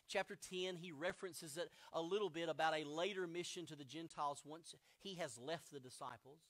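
A man's voice: fairly high pitch, fairly bright tone. A man preaching a sermon as pastor, explaining scripture with vivid modern retellings.

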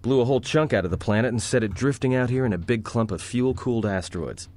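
An actor playing a sarcastic, roguish young prisoner in a video game, with a low, gruff voice and dry, cocky delivery. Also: male voice, fast, darkish tone, natural voice. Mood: sardonic. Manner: wry, cocky, dry jokes. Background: game music.

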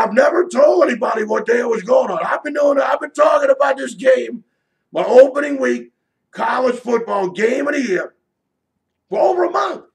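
A man working as a sports betting handicapper, shouting a brash, profane sales pitch for his picks and repeating himself often. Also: gravelly. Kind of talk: loud promotional sales pitch.

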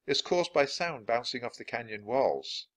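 A man's voice: mid-range voice, expressive, normal speed, fairly bright tone, pitched above the performer's own voice. Earnest bookish kid, raised voice, matter-of-fact, man doing it for a storybook. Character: thoughtful, bookish young boy.

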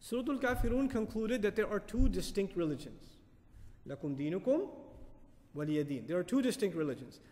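A man lecturing on Quran commentary, animated, asking the audience questions and reciting Arabic verses quickly. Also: sits high, long reverb tail. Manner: animated, asks the audience questions and answers them. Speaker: Quran teacher.

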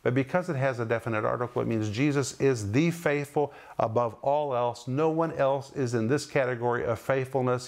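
A man teaching the Bible in sermon style, emphatic and lingering on key words with dramatic pauses. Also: mid-range voice, a little mellow.

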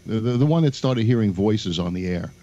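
A man in a casual group chat, speaking haltingly with many fillers. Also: on the low side, lively intonation, over a noisy crowd. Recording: dull lo-fi recording.

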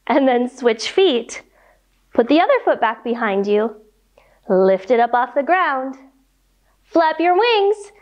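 Animated woman leading kids' yoga story. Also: high voice. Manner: animated, slow, playful sound effects for kids.

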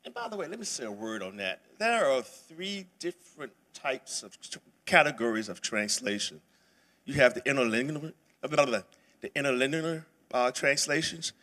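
A man's voice: medium pitch, animated, moderate pace, sharp tone. A man teaching a church Bible study lesson in a casual, conversational way, with many fillers and restarts. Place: church sanctuary.

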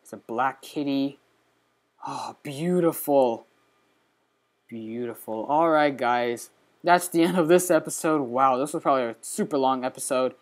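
A man hosting a let's play, giving casual, excitable gameplay commentary at his computer, chatty and breaking into sudden high squeals. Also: unhurried.

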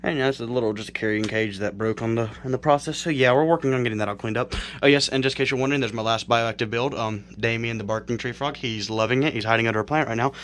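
A man's voice: medium pitch, fast talker, few pauses, fairly bright tone, a little hiss or hum. A young man from South Carolina, rambling through a casual home-build tutorial in his cluttered bedroom, full of fillers and self-corrections, a bit out of breath. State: slightly out of breath. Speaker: reptile keeper vlogger.

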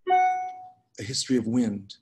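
Man giving a measured poetry reading. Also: medium pitch, huge pitch swings, darkish tone, faint music behind, low-quality recording. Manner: measured, unhurried reading with pauses. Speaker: poet reading his work. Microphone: video call.

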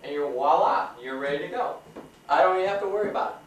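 A man's voice: a little high, fast. Chatty man on an old home camcorder. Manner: chatty, joking, explains each step. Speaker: home video maker. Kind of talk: casual narration to camera. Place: home kitchen. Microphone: built-in mic of a 1994 home camcorder. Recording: roomy, distant, faint hiss.

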